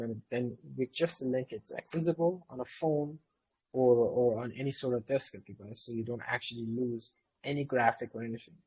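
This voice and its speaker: A man's voice: medium pitch, slightly rough, poor audio. A man who co-founded a company, answering community questions in a live Q&A session in an eager, explanatory way.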